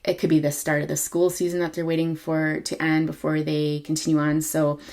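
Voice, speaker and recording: A woman reading tarot cards to camera in a casual, halting way, full of ums and self-corrections. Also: low voice, monotone, darkish tone. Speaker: tarot reader.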